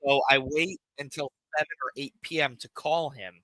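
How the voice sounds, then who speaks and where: A man's voice: medium pitch, fairly even intonation, normal speed, fairly bright tone, no echo, low-quality recording. A man on a live stream, ranting in a rambling, profane, emphatic way to his chat. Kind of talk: casual live-stream rant.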